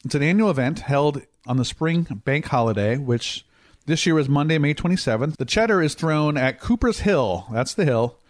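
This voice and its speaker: A man's voice: a little high, expressive, moderate pace, no room sound, clean studio sound. A man hosting a casual podcast chat, cracking cheese puns and laughing easily as he explains a topic. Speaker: podcast host.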